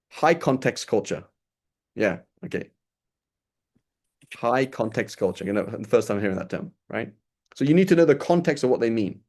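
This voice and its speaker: A man's voice: medium pitch, a little mellow. A man giving an informal religious lesson, talking casually and asking his listeners questions as he goes. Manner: casual, conversational, asks listeners rhetorical questions. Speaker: religious teacher.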